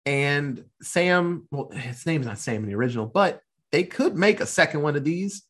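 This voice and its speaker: Animated husky-voiced man recapping a movie. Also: fairly high pitch, moderate pace. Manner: animated storytelling, laughs and swears often. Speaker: podcast host.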